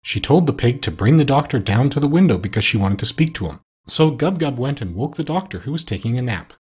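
A man narrating a children's novel as an audiobook, steady storytelling. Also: mid-range voice, quick pace, slightly rough. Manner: steady storytelling, lively shifts for characters.

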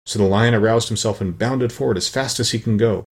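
A man reading a storybook aloud as narrator, steady and plain, with the odd small slip. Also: lowish voice, fairly quick, husky. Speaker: audiobook narrator.

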